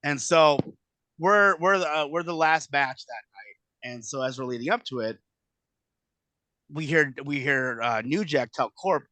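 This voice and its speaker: A man in his thirties telling a casual story, animated and profane, acting out quotes in exaggerated voices. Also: fairly high pitch, measured pace, dry recording. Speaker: podcast guest telling a wrestling story.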